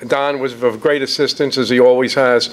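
A man who chairs a state party, thanking supporters in plain, steady remarks. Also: mid-range voice, normal speed.

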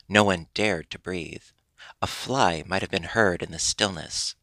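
A man reading a classic children's story aloud in a measured, even storybook narration. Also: low voice, creaky, no echo. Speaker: audiobook narrator.

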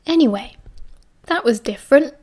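A woman's voice: high-pitched, expressive, moderate pace, darkish tone, husky. A woman doing a glum, timid teenage boy. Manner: glum, hesitant.

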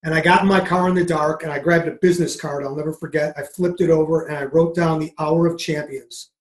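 A man's voice: on the high side, steady tone, brisk. A middle-aged man, a guest on a podcast, earnestly telling a personal story and acting out past conversations. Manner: earnest, re-enacts conversations in quotes. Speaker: podcast guest, mindset coach. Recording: roomy echo.

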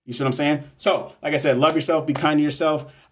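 A man's voice: medium pitch, steady tone, normal speed. Blunt, profane male nursing coach. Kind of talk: casual livestream talk.

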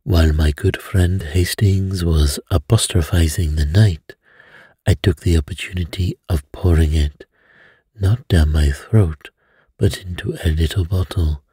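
Guy reading as a calm precise detective, slow and mellow, soft bedtime story voice. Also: deep voice, slightly rough, dry recording, full character voice. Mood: placid. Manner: calm, grave and measured. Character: placid, precise middle-aged male detective.

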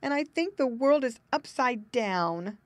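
A woman's voice: fairly high pitch, lively intonation, a little slow, no room sound, pitched above the performer's own voice. A mournful young male muskrat from a storybook, as a woman reader puts him on. His voice sits well above the reader's own and sounds sad and plaintive. The recording is close and dry. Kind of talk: storybook reading.

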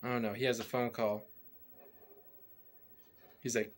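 A man's voice: medium pitch, little pitch movement, measured pace. A man hosting a reaction video, chatting casually and exclaiming at what he watches.

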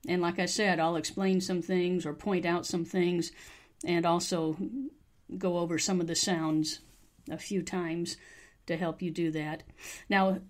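An American woman with a mild Southern accent, hosting a podcast pronunciation lesson, repeating phrases slowly and carefully for learners to copy. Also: fairly low pitch, flat delivery. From United States. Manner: slow, careful modeling of phrases, repeated for practice. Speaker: English teacher, podcast host.

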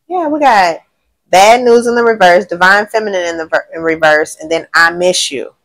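Animated, slangy woman reading tarot cards. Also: mid-range voice, normal speed, slight background noise. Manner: animated and slangy, swears, laughs often; thinks aloud, often says she does not know. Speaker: tarot reader. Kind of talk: casual tarot reading to a general audience.

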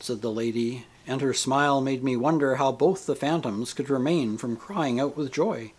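A man reading a book aloud, measured and expressive. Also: mid-range voice, breathy edge. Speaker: reader. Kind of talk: audiobook reading.

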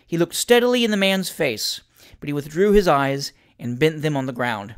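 A man, the host of a reading podcast, reading classic fiction aloud in a measured, expressive storytelling manner. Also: medium pitch.

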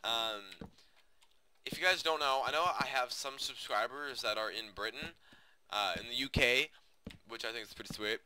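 A man's voice: medium pitch, moderate pace, crowd noise. A young man from the United States chatting casually to viewers over his gameplay, rambling with many fillers and restarts. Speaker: gaming video host.

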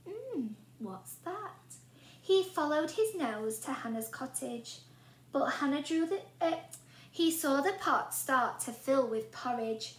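A woman's voice: sits high, measured pace. A woman teacher reading a storybook aloud to young children and asking them questions along the way. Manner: animated, asks the children questions. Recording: roomy echo.

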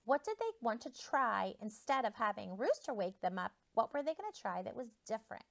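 A woman teacher reading a picture book aloud to young children, pausing to ask them questions and prompt predictions. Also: on the high side, creaky. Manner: expressive, asks children questions.

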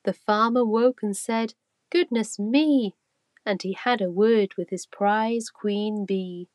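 Slow, dry woman reading to kids. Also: mid-range voice, no room sound. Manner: slow, expressive rhyming. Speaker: storyteller. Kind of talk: children's read-aloud.

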